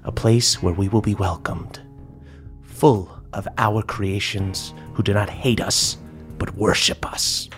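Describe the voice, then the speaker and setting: Мужчина играет властную колдунью. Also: male voice, lowish voice, steady tone, fairly bright tone, faint music behind. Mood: grandiose. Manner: measured, solemn proclamations. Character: cold ambitious sorceress sister, grandiose.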